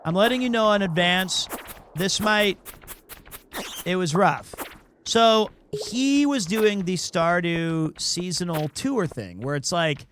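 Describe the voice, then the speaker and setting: A man with a fairly high voice tells a casual, rambling anecdote while he streams a game. He keeps circling back and restarting his sentences. A faint hiss sits under his voice. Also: slow. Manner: rambling, self-correcting, animated anecdote.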